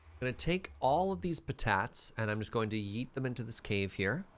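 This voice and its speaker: A young man from Western Canada chatting casually while streaming a game, quick to laugh and reading out chat. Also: medium pitch, very animated, a little hiss or hum. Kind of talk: casual gameplay livestream chat.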